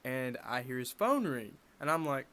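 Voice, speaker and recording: A young man in his bedroom telling a personal story to camera in a casual, animated way with wry asides. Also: medium pitch, normal speed. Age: young adult. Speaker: vlogger.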